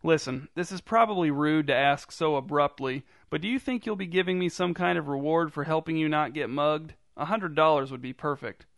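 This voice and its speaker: Guy doing a nervous polite wannabe mugger, rambly, kinda high, smooth voice. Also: brisk, few pauses, no room sound, studio quality. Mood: awkward. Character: hapless, awkward young male would-be mugger.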